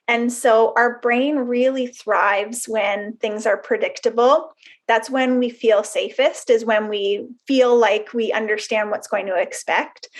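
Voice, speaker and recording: Brief: woman, fairly high voice, webinar presenter, earnest and explanatory, with chatty asides.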